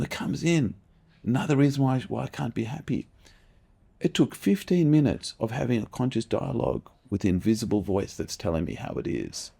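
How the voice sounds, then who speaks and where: Gravelly man telling stories. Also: sits low. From Australia. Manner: swears freely, animated and emphatic. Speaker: podcast guest. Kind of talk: candid storytelling.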